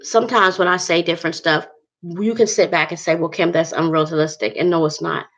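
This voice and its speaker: A woman's voice: fairly low pitch, fairly quick, fairly bright tone. A woman vlogger talking earnestly to her viewers about faith, rambling and repeating herself.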